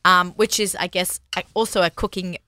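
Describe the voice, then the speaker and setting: Bright-voiced, excitable woman host. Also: fairly low pitch, moderate pace, no room sound. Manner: excitable, eager, exclaims often. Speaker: show host. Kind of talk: casual talk show chat. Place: radio studio.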